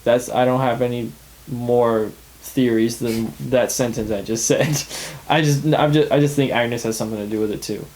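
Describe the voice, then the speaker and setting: A man's voice: medium pitch, fairly even intonation, moderate pace, darkish tone, slight background noise, low-quality recording. Chatty young man recapping a show. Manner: chatty, laughs often, acts out characters' lines. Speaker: podcast co-host. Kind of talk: casual chat recapping a TV episode.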